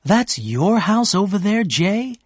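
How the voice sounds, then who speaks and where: A man voicing an excitable, tearful young woman who gushes in breathless exclamations in a read-aloud story. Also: fairly high pitch, unhurried, dry recording, studio quality. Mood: gushing.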